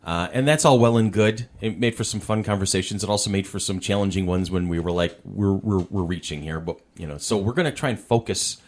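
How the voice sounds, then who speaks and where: Rambling lower-voiced male podcast host. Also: fairly quick, few pauses, a little hiss or hum. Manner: rambling, self-deprecating, many restarts. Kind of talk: casual chat. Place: dining room at home. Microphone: portable podcast setup.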